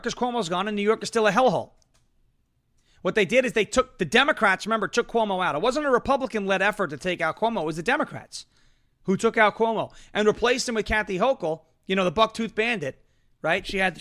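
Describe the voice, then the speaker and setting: A man's voice: high voice, sharp tone. A man hosting a political talk livestream, ranting with a combative, sarcastic edge. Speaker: political talk show host.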